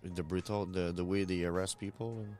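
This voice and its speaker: A man with a lower voice speaks hesitantly, restarting his sentences as he tries to get his point across. Soft music plays under the casual podcast chat. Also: level tone. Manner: hesitant, halting.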